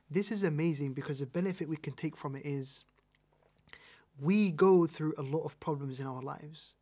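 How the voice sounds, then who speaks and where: A British man with a fairly high-pitched voice teaches a religious lesson. He presses his points home, repeats them for weight and throws questions back at the listener. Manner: emphatic, repeats key points, asks rhetorical questions. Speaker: Islamic teacher.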